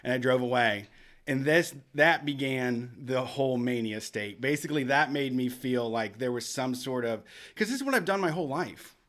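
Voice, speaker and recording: A man's voice: mid-range voice, expressive, moderate pace, a bit bright. A man hosting a radio show, telling a long story in a rambling, profane, casual way. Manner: profane, rambling, with lots of restarts. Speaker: podcast host.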